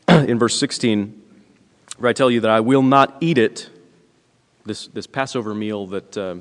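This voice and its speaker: A pastor preaching a conversational sermon, often asking "right?" and pausing with filler words. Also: male voice, medium pitch. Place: church sanctuary. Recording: long hall reverb.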